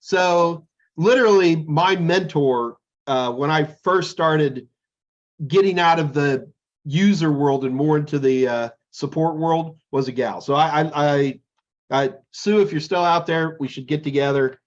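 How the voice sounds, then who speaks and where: A man's voice: fairly high pitch, unhurried, dull audio. A man co-hosting a podcast in casual chat, telling jokey, rambling stories. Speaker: podcast co-host.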